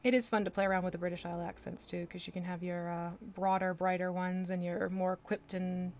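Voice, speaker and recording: A woman's voice: lowish voice, level tone, brisk, darkish tone. A woman chatting casually on a live stream as she paints miniatures, laughing often and playing with voices.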